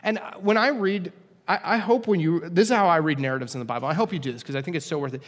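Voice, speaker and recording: A man's voice: on the high side, fast talker. A young man preaching a casual, conversational sermon with humorous asides. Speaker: pastor. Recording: long hall reverb.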